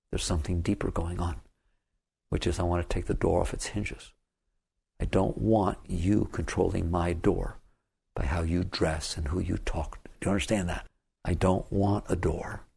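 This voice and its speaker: A man's voice: deep voice, gravelly, darkish tone, slightly rough. A man giving a spiritual talk to an audience. He speaks emphatically, repeats his key phrases and puts questions to the listeners. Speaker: spiritual teacher.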